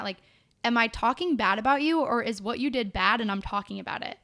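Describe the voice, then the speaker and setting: A young woman talks bluntly and with animation, a bright, forceful voice carrying her story through a relaxed podcast chat. Her tone is smooth and crisp, and she fills her speech with fillers as she goes. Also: a little high, brisk. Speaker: podcast guest. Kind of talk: casual chat.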